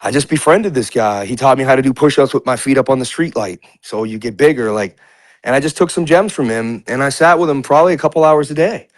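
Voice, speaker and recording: A man's voice: mid-range voice, fast, no room sound, rough recording. A man in his forties from New York, a guest telling personal stories in a rambling way, full of filler words. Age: 40s. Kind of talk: casual conversation.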